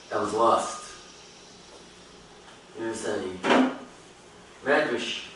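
A man giving a Torah lecture as a rabbi, rising and falling in pitch and chanting quoted Hebrew verses. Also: huge pitch swings, drawn-out words, long pauses, very noisy. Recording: echoey hall, mic at a distance.

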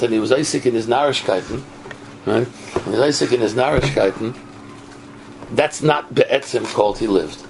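Gravelly man, lively pitch, Torah lecture, keeps asking "right?", noisy recording. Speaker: Torah teacher.

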